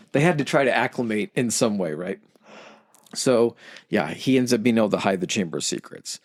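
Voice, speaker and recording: A man with a lowish voice talking loosely on a podcast. He rambles and swears freely, and drops into quick silly voices for quoted people. The sound is dry and close. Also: expressive, no echo. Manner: rambling, profane, acts out quoted characters. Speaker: podcast co-host explaining history. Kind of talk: casual podcast chat.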